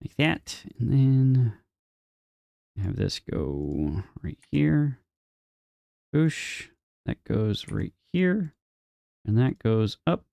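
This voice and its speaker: A man's voice: medium pitch, sing-song, drawn-out words, creaky, long pauses, warm tone, no echo. A man live-streaming a city-building game, chatting casually and joking with viewers in chat while he plays. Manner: chatty, jokey, talks to chat viewers by name.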